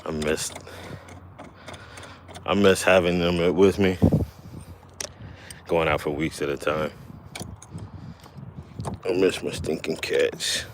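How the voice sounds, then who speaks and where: A man's voice: low voice, steady tone, slow, pauses often. A man chatting casually on a livestream beside his kayak, rambling and correcting himself, a little winded. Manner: rambling, self-correcting, laughs often. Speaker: livestream host. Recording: faint background noise.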